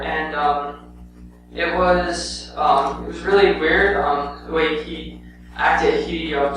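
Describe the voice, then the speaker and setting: A young man presenting his church mission trip in a rambling, casual way, full of "um" and "anyway". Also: fairly high pitch. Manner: rambling, with many "um" and "anyway" fillers. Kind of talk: casual spoken report to a congregation. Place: church sanctuary. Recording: very echoey church hall, heard from a distance, with a clear hum.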